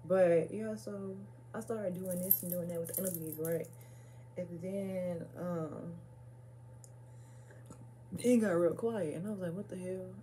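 A young woman with a lowish, mellow voice tells a casual story-time vlog, chatty and profane and peppered with filler words. She laughs easily from nerves. A faint hum sits under her voice. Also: measured pace, pauses often. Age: young adult. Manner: chatty, profane, lots of "like" and "y'all"; nervous laugher. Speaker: vlogger.

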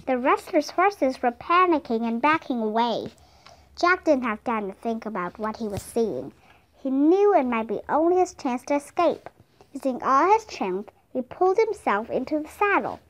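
A woman reading a children's chapter book aloud as a steady, careful narrator. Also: sits high. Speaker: storybook reader. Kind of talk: scripted narration.

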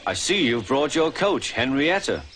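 A man voicing a bustling, authoritative older railway boss who talks in a brisk, commanding, fussy way, with music behind. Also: mid-range voice, big pitch swings, a bit bright, slight background noise, voice pushed up. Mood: pleased.

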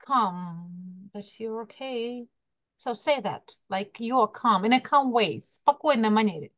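A woman's voice: on the high side, animated, a little slow, no room sound. A woman teaching an English class online over a video call, coaxing her students and calling on them by name while repeating key words.

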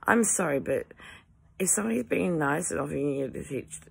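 An Australian woman rants to camera in a very low, husky voice, sighing heavily and stumbling through restarts. Her tone is exasperated throughout. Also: animated, moderate pace. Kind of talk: ranting to camera.

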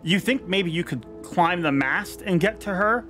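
A man serving as dungeon master, narrating a tabletop game with vivid description and slowing down for dramatic moments, on a headset over a video call. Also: high voice, expressive, sharp tone, faint music behind.

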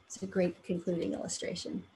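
A woman reading a children's story aloud, with gentle, measured storytelling. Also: fairly low pitch, completely flat delivery, background noise. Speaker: story reader for a fan club.

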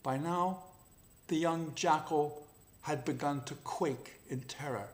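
A man narrating an animal fable in an even, unhurried storybook reading. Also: a little high.

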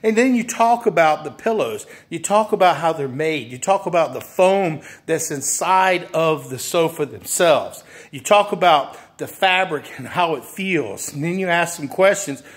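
A man with a fairly high speaking voice gives an easygoing lesson on selling furniture. He talks casually, repeats his phrases and slips into short acted exchanges with customers. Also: lively intonation, normal speed, few pauses. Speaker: furniture sales trainer. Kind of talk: instructional talk with acted sales dialogue.

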